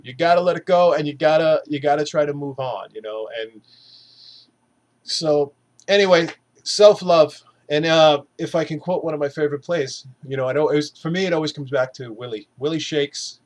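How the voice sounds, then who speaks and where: A man recording a casual motivational vlog, blunt and earnest, swearing often as he urges viewers to go easy on themselves. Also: a little high. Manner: blunt, heavy swearing, earnest pep talk. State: three months after surgery. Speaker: weight-loss vlogger.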